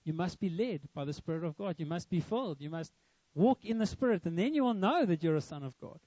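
A man's voice: high-pitched, lively intonation, a little fast, warm tone, dry recording, dull audio. A young man preaching a sermon, earnest and emphatic, with a lot of repetition. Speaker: pastor.

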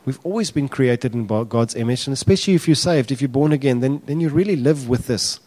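A man preaching a sermon as a pastor, animated and acting out quotes with a raised voice. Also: medium pitch, a little fast.

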